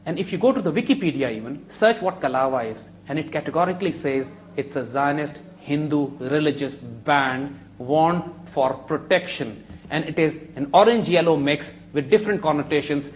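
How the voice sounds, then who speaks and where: A middle-aged man speaks in a notably high register, pressing his points hard. He argues like a television pundit, stacking up rhetorical questions and insisting on every detail. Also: moderate pace, a little hiss or hum. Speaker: talk show guest, commentator. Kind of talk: argumentative TV discussion.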